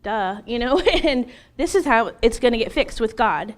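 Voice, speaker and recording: A woman in her thirties tells her personal testimony in an interview, open and earnest. Her voice sits slightly high, and she gets animated as she talks, breaking into brief laughs along the way. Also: moderate pace.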